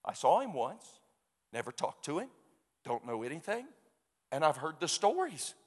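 A male preacher tells a story from the pulpit, slipping into the voices of the people in it. His voice sits a little high for a man. A long reverb trails each phrase, as in a large hall. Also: moderate pace. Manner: animated storyteller acting out quoted voices. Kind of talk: sermon storytelling.

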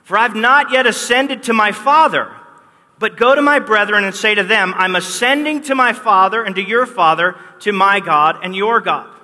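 Preaching a sermon, a pastor tells the story with animation and voices the quoted lines himself. He speaks at a moderate pace in a high, pushed, bright voice, and long hall reverb fills the recording.

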